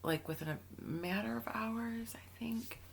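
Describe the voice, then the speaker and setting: A woman's voice: on the high side, a little slow, vocal fry, slight background noise. A woman co-hosting an advice podcast, chatting bluntly and laughing often. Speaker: podcast co-host. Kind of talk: casual frank chat.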